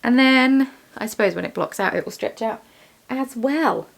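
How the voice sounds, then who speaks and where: Slightly high-pitched and edged with vocal fry, this young woman speaks at a moderate pace while doing bead weaving. A vlogger who also dyes yarn and runs a shop, she chats casually, rambles, and pokes fun at herself.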